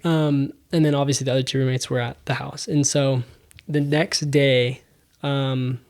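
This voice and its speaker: A young adult man, a podcast guest, telling a story in a casual, animated way, full of fillers and acted-out dialogue. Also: mid-range voice, normal speed, clear, resonant tone. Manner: animated, acts out quoted dialogue, many fillers.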